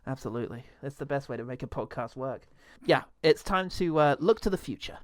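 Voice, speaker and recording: Lively, jokey man. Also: mid-range voice, a little fast, no echo, studio quality. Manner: jokey, laughs often. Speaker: podcast host. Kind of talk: casual comedy chat.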